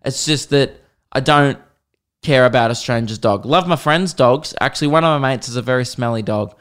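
Sarcastic, foul-mouthed comic podcast host. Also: male voice, medium pitch, moderate pace, fairly bright tone. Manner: crude, sarcastic ranting with frequent swearing. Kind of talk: comedic solo podcast monologue.

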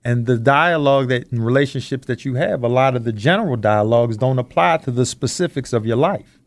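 A man co-hosting a podcast, talking in an earnest, reflective way as he slowly builds his points. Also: medium pitch, dry recording. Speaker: podcast co-host. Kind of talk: casual discussion.

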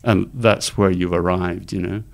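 A middle-aged man, telling lively stories as an interview guest and laughing often. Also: sits low, unhurried, creaky. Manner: animated anecdotes, laughs often, acts out quoted voices. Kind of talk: storytelling in conversation.

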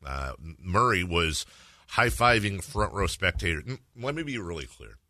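A man in his forties from the Bay Area hosting sports talk radio, joking and quick to laugh as he chats. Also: sits low, big pitch swings, sharp tone, dry recording. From San Francisco Bay Area. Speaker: radio sports show host.

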